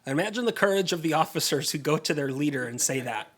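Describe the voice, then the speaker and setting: A man preaching a sermon, telling the story in a casual, lively way and acting out the characters' voices. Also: a little high, fast. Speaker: pastor.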